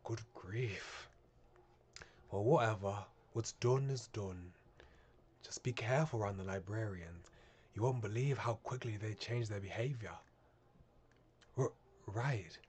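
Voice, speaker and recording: Fields: a man doing a gruff, sarcastic otherworldly guide. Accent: attempted Northern English. Pitch: low. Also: darkish tone. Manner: mocking, rough, drawn-out questions. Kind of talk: reading a visual novel aloud.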